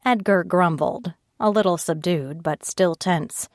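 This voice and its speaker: A woman narrating an audiobook in first person, reading at a slow, steady pace and raising her pitch for the other characters' lines. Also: no room sound, studio quality. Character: tearful frightened young woman narrator, Ivy.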